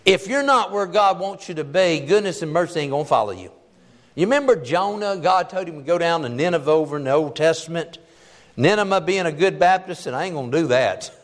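A man with a notably high voice delivers a sermon in a homespun, down-to-earth way. He leans on key phrases and draws them out slowly to drive each point home. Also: expressive. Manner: folksy, plainspoken preaching with colloquial grammar. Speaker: preacher.

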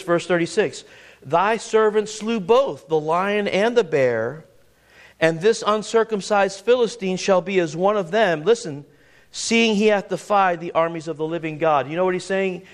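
A man's voice: high-pitched, normal speed. A man preaching a sermon, repeating words as he builds to emphatic points and reading scripture aloud in old-fashioned wording.

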